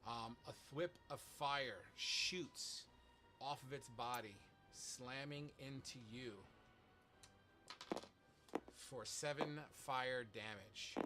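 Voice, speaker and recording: A man's voice: mid-range voice, slow, over music. A man running a tabletop game as game master, narrating monster turns casually and swearing freely between laughs.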